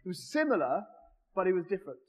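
A man with a notably high voice preaches a lively, conversational sermon, joking with his congregation. The sound carries the long reverb of a church hall. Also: fast. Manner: animated, jokes with the congregation.

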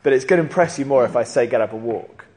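With long hall reverb on the recording, a man delivers a sermon at a fast clip in a mid-range voice. He tells the story with animation, voicing the people in it.

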